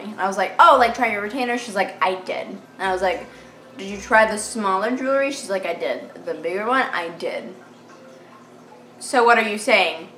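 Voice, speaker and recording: Teenage girl, storytime vlog, dramatic and animated, bright tense voice, roomy echo with faint hiss. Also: medium pitch, moderate pace. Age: teens. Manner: animated, dramatic retelling with valley-girl fillers. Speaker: vlogger. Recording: echoey room with faint hiss.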